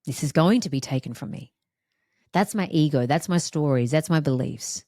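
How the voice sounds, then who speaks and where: A woman's voice: low-pitched, moderate pace, mellow, dry recording, studio quality. A woman hosting a reflective solo podcast, talking in an emphatic, repetitive, heartfelt way. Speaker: podcast host.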